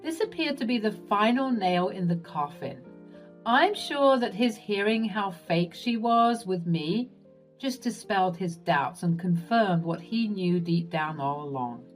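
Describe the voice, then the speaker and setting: A woman narrating a first-person story in an expressive, lively way. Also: medium pitch, a little slow, soft background music.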